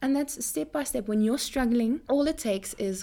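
A woman's voice: moderate pace, creaky. Earnest young woman giving a faith talk. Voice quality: earnest, repeats words when stressed. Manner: animated pitch jumps. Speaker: christian speaker.

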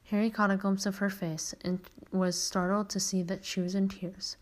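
A woman's voice: medium pitch, flat delivery, moderate pace. Woman podcast host, mid-range voice, unpolished read-aloud of a children's book. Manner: occasional stumbles and self-corrections. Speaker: podcast host reading a story. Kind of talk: reading a children's novel aloud.

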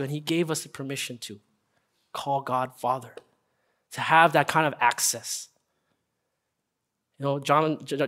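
A young man preaching a casual, earnest sermon, often checking in with listeners with a quick "right?". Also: fairly high pitch, a bit bright. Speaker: pastor. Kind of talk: conversational sermon.

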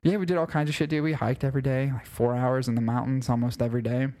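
A man's voice: mid-range voice, steady tone, fast, dark tone. A young man co-hosting a podcast, telling a long rambling story in casual chat and leaning on "like" between phrases. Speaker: podcast co-host.

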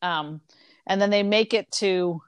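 Woman, casual podcast chat, animated storyteller, dry close mic. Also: medium pitch, a little slow, smooth, dry recording. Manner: animated retelling with quoted voices, frequent ums.

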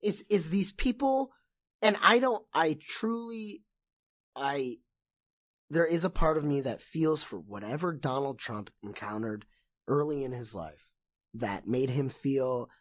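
Impassioned, swearing man, lively pitch. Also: measured pace, no room sound, studio quality. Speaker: podcast guest. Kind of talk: casual podcast chat.

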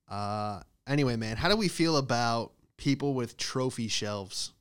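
A young man telling rambling, profane comic stories in a solo monologue, with animated asides. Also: mid-range voice, a little slow, clear, resonant tone. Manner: profane, animated storytelling with loud acted outbursts.

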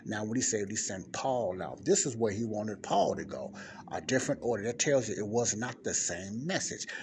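A man's voice: fairly low pitch, moderate pace. A man teaching the Bible in casual podcast form, reading from a book, then digressing to explain, repeating points and checking in with listeners with "okay?". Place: public library area with passing cars. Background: faint ambient noise.

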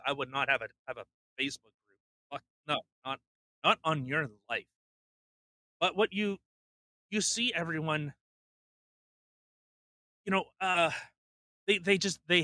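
A man co-hosts a casual podcast in a high, very bright voice, ranting bluntly with plenty of swearing. He slips into mocking impressions of other people. The sound is close and dry. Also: no echo. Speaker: podcast co-host; truck driver.

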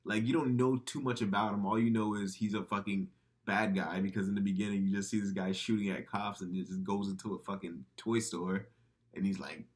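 Young man, low-pitched voice, casual movie talk, profane rambling storyteller. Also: a little fast. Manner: profane, rambling, animated storytelling with acted quotes. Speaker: podcast co-host.

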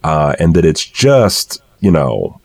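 A man's voice: extremely low pitch, wildly swooping pitch, slow, gravelly, a little mellow. A man co-hosting a casual podcast discussion, thoughtful and rambling, with many fillers. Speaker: podcast co-host.

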